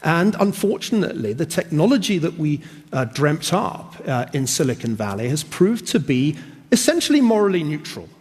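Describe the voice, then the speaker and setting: A man's voice: on the high side, big pitch swings, normal speed, darkish tone, husky. A man with a posh British accent, giving a sardonic and incredulous debate rebuttal. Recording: reverberant debate hall.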